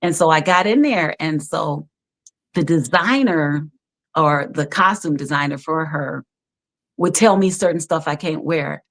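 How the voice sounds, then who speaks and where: A woman guest on a live-streamed video call, telling stories animatedly with frequent laughs and fillers. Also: low-pitched. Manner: animated storyteller, quick to laugh, many fillers. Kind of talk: casual interview over a live stream.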